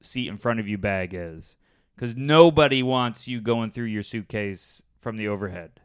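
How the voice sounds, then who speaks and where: A man's voice: fairly low pitch, moderate pace, smooth. A man co-hosting a casual podcast, giving practical advice and teasing his co-host. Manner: offers practical tips, teasing asides. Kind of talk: casual chat.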